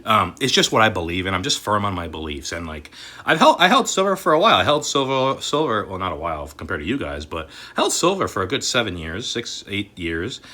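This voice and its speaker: A man ranting angrily on his vlog, cursing constantly and swinging between shouted outbursts and low, grumbling asides. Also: sing-song, brisk. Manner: angry and swearing, swings from shouting to muttering. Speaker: crypto and collectibles YouTuber.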